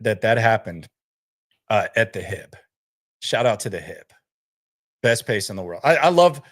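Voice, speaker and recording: Hosting a relaxed sports stream, this podcast host talks in a mid-range, fairly bright voice. He rambles easily and keeps repeating words when he starts a sentence over.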